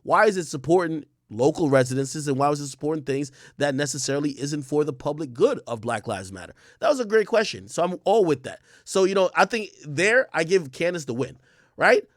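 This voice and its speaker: Man, livestream host, casual commentary, blunt, profane, repeats himself, fairly high voice, dry close sound. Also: expressive, brisk, no echo.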